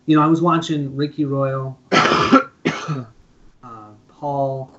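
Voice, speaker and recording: A man's voice: mid-range voice, flat delivery, slow pace, a crowd in the background. A man with a Minnesotan accent, a board game channel host chatting casually on a live stream and laughing often. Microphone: phone earlier, now mic. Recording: dull lo-fi stream audio.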